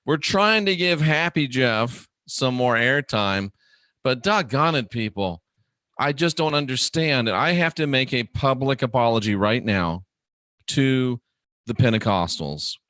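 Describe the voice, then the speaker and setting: A man hosting his own show, ranting emphatically, swinging from a low drawl to loud indignant peaks. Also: animated, a little slow, no room sound, studio quality. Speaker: host. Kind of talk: ranting monologue.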